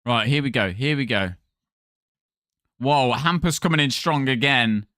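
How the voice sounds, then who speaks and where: Chatty male streamer with a smooth voice. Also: mid-range voice, a little slow, sharp tone, no room sound. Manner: chatty, thanks viewers by name, playful. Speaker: live streamer. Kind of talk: casual live-stream chat.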